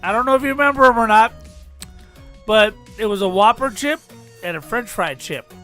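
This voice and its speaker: Man co-host, very high bright voice, dry sarcastic one-liners. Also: lively intonation, moderate pace, faint music behind. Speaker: podcast co-host. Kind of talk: casual chat.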